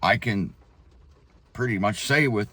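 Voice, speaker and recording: A man giving spoken Bible teaching in an emphatic way, slowing down hard on key phrases and leaping up for emphasis. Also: breathy edge, no room sound. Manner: animated, leaps up in pitch for emphasis.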